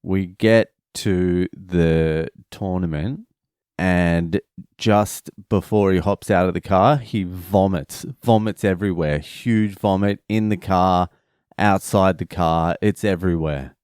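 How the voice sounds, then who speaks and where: A man's voice: sits low, slow, clear, resonant tone, no room sound, studio quality. A man, a father, telling a family story in a casual, profane, rambling vlog. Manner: profane, rambling, animated retelling.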